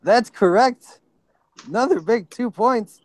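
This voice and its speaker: A man hosting a trivia tournament, reading out questions and reacting with excitement to answers. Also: extremely high pitch, slow pace, dry recording. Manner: excitable, apologetic about slips. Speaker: quiz host.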